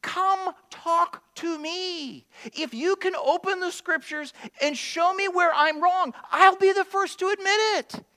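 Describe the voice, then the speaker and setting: A man preaching a sermon as a pastor, animated and acting out quoted voices, swinging from loud high exclamations to low quiet lines. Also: slow pace, hardly any pauses.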